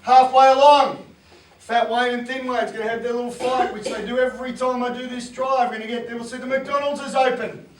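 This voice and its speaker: Animated high-voiced New man. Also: a little fast, echoey room, distant mic, crowd noise, low-quality recording. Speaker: sports coach and presenter. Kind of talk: motivational talk to coaches.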